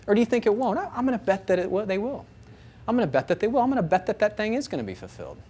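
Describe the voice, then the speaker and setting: Animated man lecturing with lively pitch. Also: very fast, husky. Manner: animated, asks the audience many rhetorical questions. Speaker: Bible teacher. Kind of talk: lecture to a live audience.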